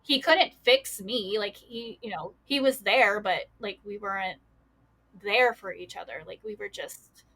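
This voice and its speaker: A woman's voice: medium pitch, measured pace, a bit bright, a little hiss or hum. A young adult woman, a podcast guest, telling a painful personal story with many fillers and quoted voices.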